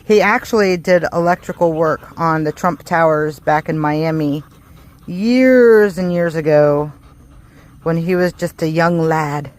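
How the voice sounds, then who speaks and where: A woman's voice: low voice, unhurried, darkish tone. Farm vlog lady chatting to the camera, laughs a lot, talks about god being faithful. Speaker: farm vlogger. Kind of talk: casual chat to camera.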